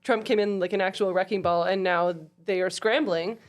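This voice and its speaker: A woman on a comedy panel, making quick, playful quips about politics. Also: mid-range voice, fairly even intonation. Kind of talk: casual comedic panel chat.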